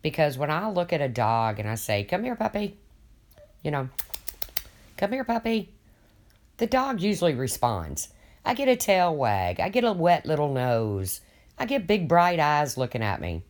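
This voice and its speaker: Older guy rambling on his stream, folksy, cusses a lot, reads chat out loud. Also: fairly high pitch, huge pitch swings, normal speed. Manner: rambling, folksy, swears casually. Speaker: livestream host. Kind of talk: casual livestream chat, reading viewer comments.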